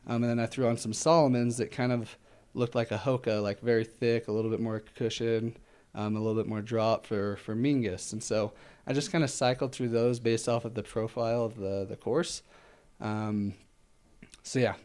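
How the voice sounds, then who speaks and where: The guest, an ultramarathon runner, talks in a casual interview at a moderate pace, his medium-pitched voice steady, clean, and a little mellow. He wanders with plenty of fillers, laughs freely, and sounds somewhat breathless.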